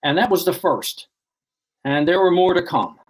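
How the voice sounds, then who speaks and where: A man's voice: high-pitched, lively intonation, moderate pace, poor audio. A man recounting a personal story as an author guest in an interview, rambling and full of "you know" and restarts.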